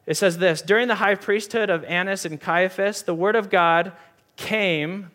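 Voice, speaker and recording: Brief: young male pastor, fairly high voice, earnest, emphatic sermon delivery. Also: fairly even intonation, normal speed, fairly bright tone. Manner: earnest, emphatic, repeats key lines for stress. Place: church hall with audience.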